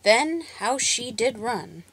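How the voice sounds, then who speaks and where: A woman storyteller narrating a folk tale with expressive, dramatic pacing. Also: on the high side, slow, breathy edge.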